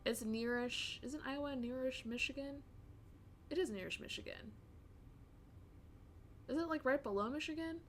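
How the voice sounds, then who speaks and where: A woman's voice: high voice, moderate pace, long pauses, slight background noise. A woman with a Midwestern American accent tinged with Southern, chatting casually with viewers on a stream, rambling and laughing often. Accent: American Midwestern with some Southern.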